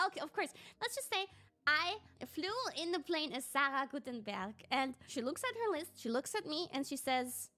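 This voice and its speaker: Woman from Austria, livestream host, animated giggly storytelling, bright sharp voice. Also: sits high. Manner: animated and giggly, with lots of "like" fillers.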